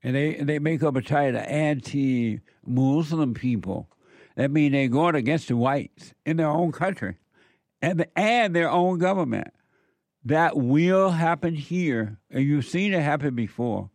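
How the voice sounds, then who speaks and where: A man's voice: a little high, lively intonation, measured pace, a little mellow, dry recording. A man delivering an opinion monologue, repeating his warnings with heavy emphasis. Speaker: political commentator.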